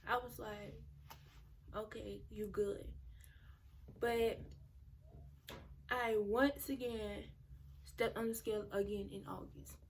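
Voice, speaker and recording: A teenage girl vlogging, telling her story in a chatty, animated way straight to her viewers. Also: medium pitch, takes it slowly, gravelly, long pauses, slight background noise. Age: teens. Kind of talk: casual storytime.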